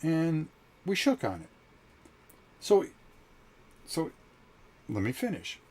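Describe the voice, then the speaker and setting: A man's voice: on the high side, slow pace. A middle-aged man hosting his channel, telling a story in a casual monologue and acting out the conversations he recalls. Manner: animated, acts out quoted conversations. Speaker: channel host.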